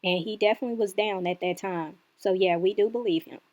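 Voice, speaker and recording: A woman's voice: medium pitch, quick pace, a little mellow. A woman with an ordinary mid-range voice delivers critical reaction commentary, indignant and lecturing. She stretches out key words for emphasis and scolds steadily. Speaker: reaction channel host.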